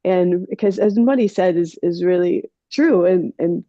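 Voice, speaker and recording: A woman's voice: fairly low pitch, measured pace, dry recording, muffled recording. A woman sharing her takeaways in a casual group chat, rambling with many fillers. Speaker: participant.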